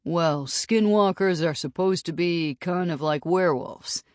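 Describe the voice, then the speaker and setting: A woman playing a steady frontier bounty hunter, calm and plain-spoken. He explains things evenly. Close, dry audiobook sound. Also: lowish voice, unhurried, dry recording, natural voice.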